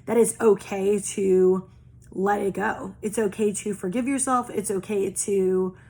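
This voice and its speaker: A woman's voice: mid-range voice, fairly even intonation, a little slow, darkish tone. A young woman giving a casual spiritual oracle reading, earnest and reassuring, repeating phrases in long lists and swearing casually. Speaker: tarot and oracle reader.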